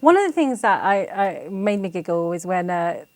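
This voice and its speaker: A woman's voice: lowish voice, very animated, moderate pace, dry recording. A woman hosting a TV talk show in a studio, interviewing a guest in a chatty, encouraging way.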